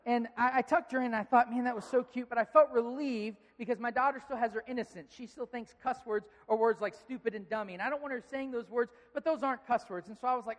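A man in his thirties preaching a sermon, telling family stories in a relaxed, conversational way. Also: very high-pitched, fast, hardly any pauses. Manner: conversational, storytelling, animated when amused. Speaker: pastor. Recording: long reverb of a large hall.

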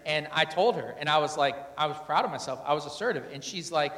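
A man's voice: on the high side, quick pace, a bit bright. Candid man in an echoey hall. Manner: candid, self-deprecating, quotes himself and his wife. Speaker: husband on stage in a couples talk. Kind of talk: storytelling talk to an audience.

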